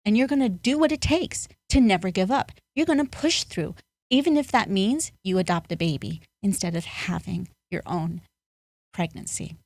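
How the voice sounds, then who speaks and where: A woman's voice: mid-range voice, animated, normal speed, darkish tone, no room sound. A woman guest on a podcast, a life coach speaking in an earnest, motivational way with emphatic bursts. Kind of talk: podcast interview.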